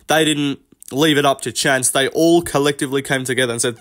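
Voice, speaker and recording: A man giving casual, rambling reaction commentary on a fight press conference, blunt and quick to swear. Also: medium pitch, fairly even intonation, a bit bright. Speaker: MMA commentary host.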